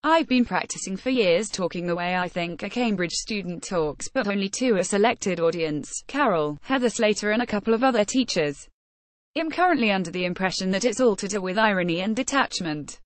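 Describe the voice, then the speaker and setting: A woman reading a memoir aloud in a steady, measured audiobook style. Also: mid-range voice, no echo.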